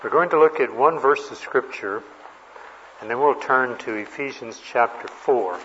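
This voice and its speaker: A man's voice: medium pitch, moderate pace, a bit bright, a little hiss or hum. A man giving a sermon, telling folksy stories at an easy pace with frequent fillers. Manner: folksy storytelling with many fillers. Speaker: preacher. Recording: distant dull hall recording.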